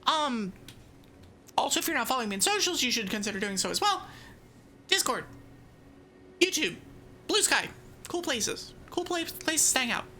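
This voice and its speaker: Woman streamer, casual game chat, thinking aloud, bright tone, faint background hum. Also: high-pitched, sing-song, normal speed, pauses often. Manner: chatty, giggly, self-mocking; thinks aloud while playing.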